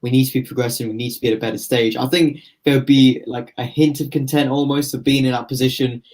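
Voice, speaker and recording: A man's voice: medium pitch, steady tone, quick pace, a little mellow. Man giving long football opinions. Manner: long flowing opinionated explanations. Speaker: football podcast pundit. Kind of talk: casual football podcast analysis.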